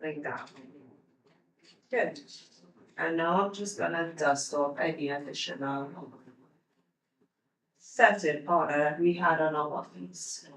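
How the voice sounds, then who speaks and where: A woman vlogger talking through her makeup routine in a relaxed, chatty, step-by-step way, her eyes teary. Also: low voice, roomy sound, far from the mic, low-quality recording. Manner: slow, chatty step-by-step instructions. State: teary-eyed. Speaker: beauty vlogger. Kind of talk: casual makeup tutorial talk.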